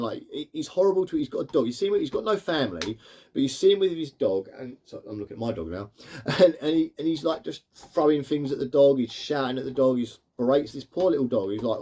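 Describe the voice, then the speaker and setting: Fast-talking man reviewing cartoons. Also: medium pitch, warm tone, slightly rough. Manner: rambling, leans on fillers like "sort of" and "like". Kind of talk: casual spoken review.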